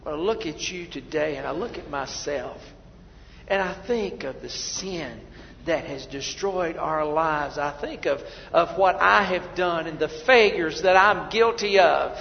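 A man preaching a sermon as pastor, swinging between hushed passages and loud, impassioned ones. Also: a little high, a little slow, creaky, a little hiss or hum. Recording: dull sound in a reverberant hall.

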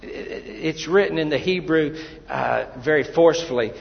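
A high-voiced male preacher delivers a sermon at an unhurried pace. He drops to quiet storytelling, then rises to loud, stretched-out calls to his congregation. The sound is dull and lo-fi, with a long reverb from a large hall. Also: creaky. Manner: swings from quiet storytelling to loud, drawn-out exhortation.

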